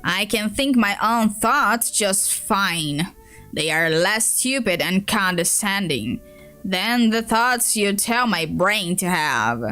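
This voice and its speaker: A woman's voice: medium pitch, animated, slow, sharp tone. A woman voicing a rude, arrogant, foul-mouthed alien boy while reading a web comic aloud, with faint music behind. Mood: irritated.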